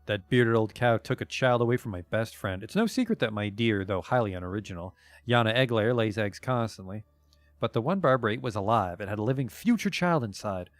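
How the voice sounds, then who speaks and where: A man's voice: lowish voice, animated, a little fast, no room sound, natural voice. A man voicing a pale, bird-beaked young man who squawks and speaks in grand poetic lines, reading from a game stream. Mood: theatrical.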